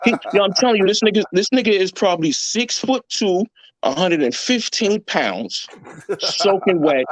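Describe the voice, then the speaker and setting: A New York man hosts a casual reaction chat, ranting bluntly and heatedly with plenty of swearing. His voice sits high and sounds animated at a moderate pace, with no room sound in the recording.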